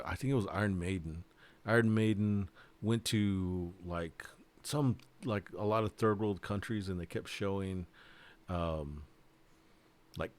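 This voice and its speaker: A man's voice: fairly low pitch, clean tone. A man, a board game designer, chatting casually and rambling, joking and swearing as he talks. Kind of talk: casual livestream chat.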